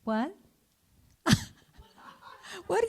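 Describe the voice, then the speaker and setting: A woman's voice: drawn-out words, a little mellow. A middle-aged woman minister giving a conversational sermon, telling a story and asking her congregation for their thoughts. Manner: storytelling, interacts with congregation, frequent laughter. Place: church sanctuary.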